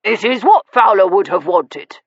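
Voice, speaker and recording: A woman's voice: mid-range voice, animated, a little slow, husky, no echo, pitched above the performer's own voice. A woman voicing a pompous, short-tempered baronet with an indignant, puffed-up manner, in a dull recording. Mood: blustering. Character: pompous blustering baronet, quick to anger.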